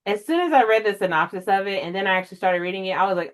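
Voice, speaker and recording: A young woman hosting a casual book podcast, chatty and emotional, jumping way up in pitch when she acts out her own reactions. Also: a little fast. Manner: emotional, animated storyteller with big pitch jumps in quoted reactions. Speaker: podcast host. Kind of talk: casual chat.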